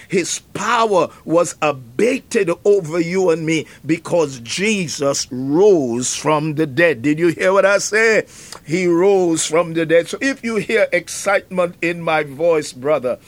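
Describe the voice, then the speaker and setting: A man preaching an Easter sermon as pastor, fervent, breaking into exclamations of praise between phrases. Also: on the high side.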